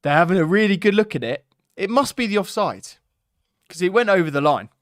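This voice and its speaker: A man hosting a live football watchalong, talking excitedly with his co-host and his viewers. His voice sits fairly high and leaps around a lot. It is recorded close and dry. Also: a little fast, no room sound. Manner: excitable, chatty, laughing, talks to the chat. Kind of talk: live match watchalong chat.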